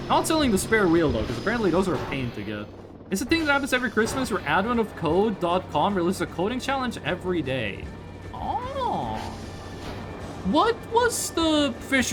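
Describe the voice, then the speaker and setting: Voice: medium pitch, background noise. A streamer chatting casually and rambling over gameplay, swearing freely and jumping between topics.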